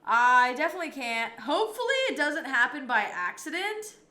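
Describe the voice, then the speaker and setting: Bright-voiced woman chatting on stream. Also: high-pitched, sing-song, normal speed, roomy sound. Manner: chatty, reads and answers viewer messages. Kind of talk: casual live-stream chat.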